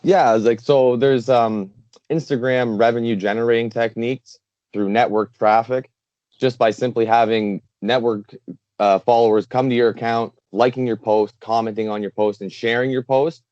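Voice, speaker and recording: A man's voice: medium pitch, steady tone, moderate pace, darkish tone, dry recording. A man from Canada, a guest talking earnestly and rambling with many fillers in a casual interview. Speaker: guest, charity founder. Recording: dull lo-fi dry sound.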